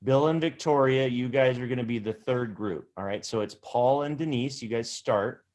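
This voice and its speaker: A man's voice: medium pitch, moderate pace, a little mellow. Encouraging male improv teacher. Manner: encouraging, hesitant with fillers. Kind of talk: online class instruction. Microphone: video call.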